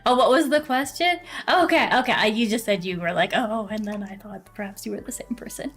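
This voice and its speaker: A bubbly woman streaming a game talks casually to her chat and a teammate, full of fillers and laughter. Her voice sits at a middle pitch, and soft music plays faintly underneath. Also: fairly quick. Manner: chatty and bubbly, laughs often, many fillers. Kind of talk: casual live-stream chat while gaming.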